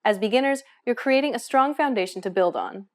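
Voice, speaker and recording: A woman's voice: a little high, lively intonation, brisk. A woman hosting a language lesson, giving scripted, encouraging explanations in an upbeat way.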